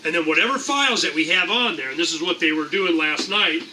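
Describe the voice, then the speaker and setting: A man's voice: a little high, quick pace. A middle-aged man hosting a meeting, talking in a rambling, irreverent way with casual swearing. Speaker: host of a liberty meeting. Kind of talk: animated casual talk to a room. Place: meeting room. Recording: distant mic in a room, faint noise.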